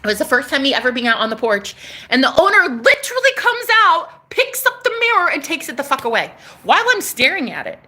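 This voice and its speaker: A woman telling a story casually on a vlog, excitable and profane, talking outdoors on a porch. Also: high voice, fast talker. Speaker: spiritual vlogger.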